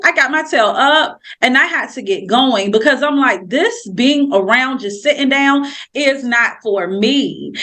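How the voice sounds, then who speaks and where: Animated higher-voiced woman podcast host. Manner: emphatic, candid, jumps in with exclamations. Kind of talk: casual faith podcast conversation.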